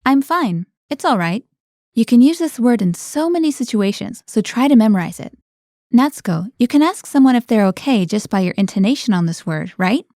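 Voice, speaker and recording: Mellow-voiced woman hosting a language lesson. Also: fairly high pitch, expressive, moderate pace, dry recording, studio quality. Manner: clear, guiding questions to co-host. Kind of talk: scripted podcast lesson.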